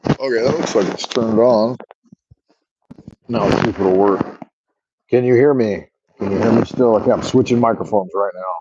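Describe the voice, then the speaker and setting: A man's voice: on the low side, normal speed, long pauses, heavy background noise. A man hosting a livestream, telling an exaggerated, profane story in a rambling way over a wireless earbud mic. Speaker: livestream host. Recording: dull dry earbud mic sound.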